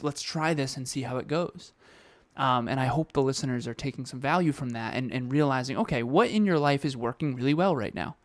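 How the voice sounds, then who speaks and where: A man's voice: a little high, dry recording. A man co-hosting a podcast in casual motivational chat, emphatic and fond of repeating key phrases. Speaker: podcast co-host.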